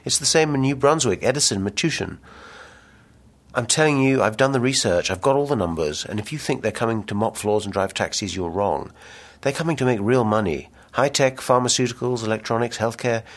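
A man's voice: medium pitch, a little fast, voice pushed up, natural voice. A man voicing a brash, ambitious businessman with big schemes, reading the dialogue aloud in a pushy salesman's patter. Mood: insistent. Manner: salesman patter, insistent and grandiose.

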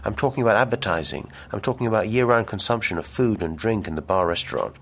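A man's voice: on the low side, fast talker, fairly bright tone, a little hiss or hum. A man voicing a brash, ambitious businessman with big schemes, reading the dialogue aloud in a pushy salesman's patter. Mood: grandiose. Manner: salesman patter, insistent and grandiose.

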